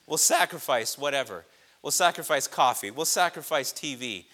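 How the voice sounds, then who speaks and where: A man preaching a sermon, impassioned, swelling loud on repeated phrases. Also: mid-range voice, expressive, normal speed. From grew up on a reservation.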